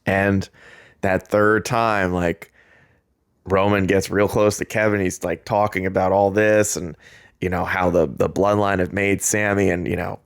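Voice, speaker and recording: A man hosting a podcast, excitedly recapping a wrestling segment in a chatty way, with lots of "like" and quick laughs. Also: low voice, smooth, dry recording, studio quality. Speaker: podcast host.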